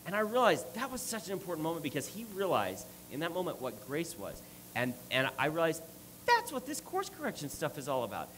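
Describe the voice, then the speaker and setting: A man's voice: on the high side, wildly swooping pitch, brisk, fairly bright tone, rough recording. Man, middle-aged, church sermon, rambling storyteller, faint hum. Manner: rambling, restarts often, storytelling. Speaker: preacher.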